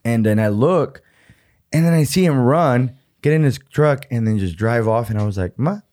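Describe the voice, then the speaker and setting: A man's voice: medium pitch, lively intonation, moderate pace, warm tone. A man co-hosting a casual podcast, joking and swearing freely, with a slight lisp from fake vampire teeth. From Amarillo, Texas. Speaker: podcast co-host. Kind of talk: casual chat.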